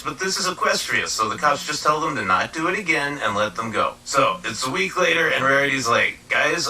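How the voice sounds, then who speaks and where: A man narrating a comedic parody recap, doing every character in the same deadpan slangy, swearing bro voice. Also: medium pitch, recorded from a distance, low-quality recording.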